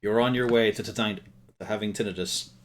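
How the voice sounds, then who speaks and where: A man's voice: on the low side, fairly even intonation, fast talker, slight background noise. A man narrating as game master of a tabletop game, with wry, laughing asides.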